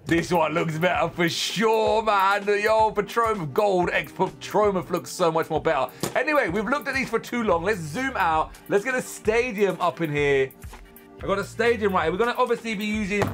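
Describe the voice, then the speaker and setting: A young man, chatting casually and exclaiming loudly as he unboxes and tests spinning-top toys. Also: sits high, normal speed, soft background music. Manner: excitable, chatty, exclaims loudly at toy battles. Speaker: toy reviewer. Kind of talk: casual unboxing and testing commentary.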